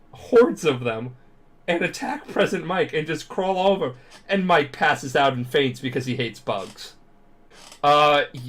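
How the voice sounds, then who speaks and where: A man's voice: fairly high pitch, fairly bright tone. Drunk man rambling a profane recap. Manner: profane, rambling, acts out characters in silly voices. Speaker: podcast host. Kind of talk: drunk comedic recap with voices.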